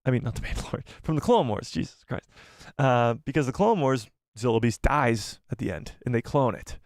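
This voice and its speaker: A man hosting a casual live stream, animated and self-deprecating, who laughs often. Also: mid-range voice, a little fast, dry recording, clean studio sound. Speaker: livestream host.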